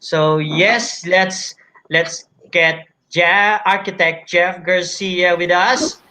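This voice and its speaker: A man hosting a casual live video call, mixing English and Tagalog with many fillers and pauses. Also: sits high, steady tone, pushed and bright. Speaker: host. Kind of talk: casual live-stream chat.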